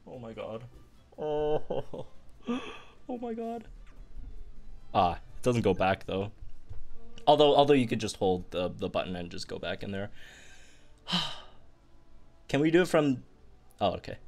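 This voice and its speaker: A young man giving excited commentary on a game update, bursting into squeals and laughter as he talks to viewers. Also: mid-range voice, unhurried, long pauses. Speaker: gaming youtuber.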